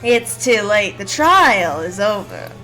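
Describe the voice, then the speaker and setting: A woman voicing a grumpy, impatient male bird judge, reading game dialogue in a gruff, cranky manner. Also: medium pitch, sing-song, bright, forceful tone, faint music behind, heavily acted. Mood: irritated. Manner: gruff and cranky, quick to anger.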